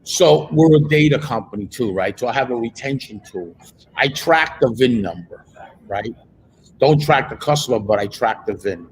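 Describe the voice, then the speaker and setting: A man's voice: mid-range voice, lively intonation, moderate pace, a little hiss or hum, poor audio. A man hosting an interview, talking conversationally and often checking in with "right?". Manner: conversational, asks questions with frequent "right?". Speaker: host. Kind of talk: interviewing a guest.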